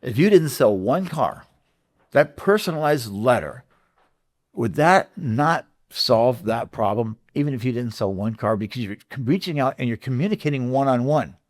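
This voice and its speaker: In a casual business interview, a guest who consults on dealership marketing earnestly describes how he sells, using a mid-range voice with lively intonation at a moderate pace. He frequently starts over, repeats points, and dramatizes sales letters.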